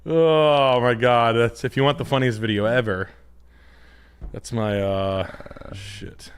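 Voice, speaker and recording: A man bantering on a podcast, with a lowish voice and a loud, jokey delivery. He speeds up in quick bursts. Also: a little hiss or hum. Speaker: podcast co-host.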